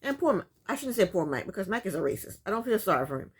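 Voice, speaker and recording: A woman's voice: mid-range voice, big pitch swings, racing, breathy edge. Sassy chatty woman recapping a show. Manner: chatty, laughs often, sassy. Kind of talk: casual recap chat.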